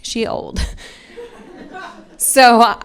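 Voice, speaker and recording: A woman's voice: on the high side, huge pitch swings, very slow, creaky, a little hiss or hum. A woman in her forties telling a personal story in stand-up, candid and self-mocking, laughing at herself. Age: 40s. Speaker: stand-up comedian. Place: comedy club stage.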